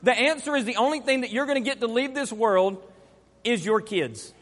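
High-voiced preacher in a reverberant hall. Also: male voice, moderate pace. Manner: earnest, repeats questions, rises to forceful emphasis. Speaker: pastor. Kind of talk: sermon. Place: church sanctuary.

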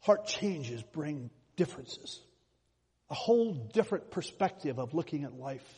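A man preaching in a slightly high, husky voice that rises into emphatic swells as he tells his stories. The sound rings with the long reverb of a church hall. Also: expressive, measured pace, dark tone. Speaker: pastor. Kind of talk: sermon.

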